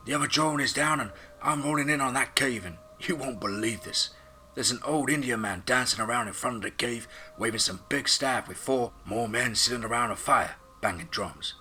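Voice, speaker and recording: Guy doing a loud excited drone operator, swearing, higher and forceful. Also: moderate pace, soft background music. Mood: urgent.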